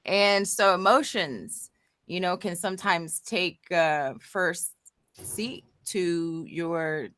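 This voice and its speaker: A woman's voice: fairly low pitch, slow, fairly bright tone, dry recording. A woman co-hosting a casual podcast, talking candidly and reflectively with frequent restarts. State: emotional after crying. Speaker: co-host.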